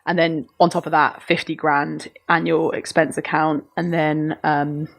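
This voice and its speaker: Low-voiced woman, hesitant chat. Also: level tone, unhurried, creaky. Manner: hesitant, lots of ums, laughs often. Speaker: podcast co-host. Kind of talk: casual chat.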